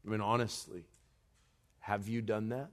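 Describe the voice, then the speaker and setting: A man preaching a sermon as pastor, slow and deliberate, building to loud urgency in a church. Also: lowish voice, level tone.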